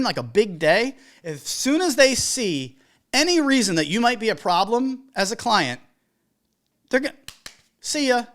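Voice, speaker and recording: A wedding DJ hosting a casual podcast monologue, an animated storyteller who acts out the people in the stories. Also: mid-range voice. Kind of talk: casual podcast monologue giving business advice.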